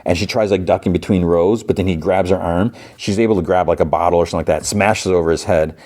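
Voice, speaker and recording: Low voiced guy on his podcast, rambling thru an episode recap, tons of "like". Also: steady tone, fast talker, darkish tone. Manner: rambling, filler-heavy retelling with acted-out quotes. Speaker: podcast host.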